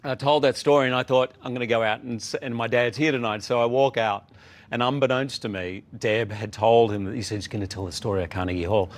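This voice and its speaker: A man with an Australian accent, a guest in a casual interview, telling a story with lively acted quotes. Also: medium pitch, quick pace. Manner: animated storyteller, acts out quotes. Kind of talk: casual chat.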